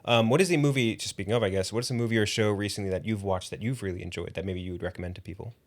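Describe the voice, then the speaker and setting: A man's voice: fairly low pitch, very fast. A man hosting a casual interview, asking loose questions with lots of fillers. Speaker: podcast host. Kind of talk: casual chat.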